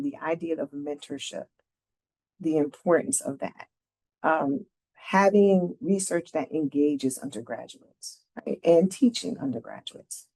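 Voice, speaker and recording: Presenting a careers workshop, this middle-aged advisor has a low-sitting, slightly mellow voice. She moves through her slides in a chatty manner, often pausing to ask "right?".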